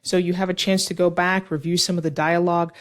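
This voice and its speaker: English teacher running an esl lesson on small talk, explaining and acting out little example lines, mid pitched voice. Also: little pitch movement, fast talker, fairly bright tone.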